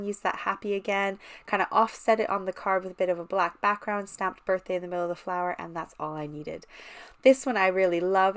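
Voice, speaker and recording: A woman hosting a casual card-making tutorial, talking chattily and enthusiastically straight to the viewer as she shows her work. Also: medium pitch. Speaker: card-making channel host. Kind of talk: casual craft tutorial walkthrough.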